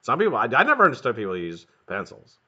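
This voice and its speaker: A man's voice: mid-range voice, fast, slightly rough. A middle-aged man hosting a casual live stream, greeting viewers one by one and swearing freely. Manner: lively, profane, greets viewers one after another. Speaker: livestream host. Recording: dull lo-fi stream audio.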